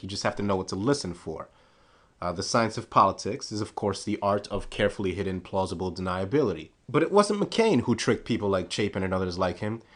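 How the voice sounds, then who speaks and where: Low-voiced man delivering scornful commentary. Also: fairly bright tone. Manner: sarcastic, scornful, rising emphasis on key words. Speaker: political commentary vlogger. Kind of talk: scripted monologue commentary.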